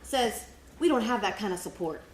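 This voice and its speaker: Lively woman telling improv jokes. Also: mid-range voice, moderate pace. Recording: echoey hall, loud crowd and noise.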